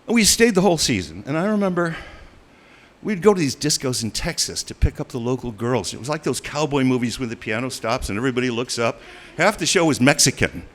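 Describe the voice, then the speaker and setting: An older man tells a live story with a lively, swooping voice in the middle of the male range. He acts out the voices he quotes and laughs as he goes. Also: mid-range voice, fairly quick. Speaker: storyteller guest.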